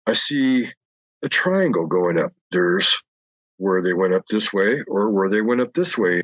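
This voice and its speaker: A man's voice: lowish voice, no echo, rough recording. A middle-aged man telling long, rambling stories in casual chat, often breaking into laughs. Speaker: guest telling encounter stories. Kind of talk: casual storytelling.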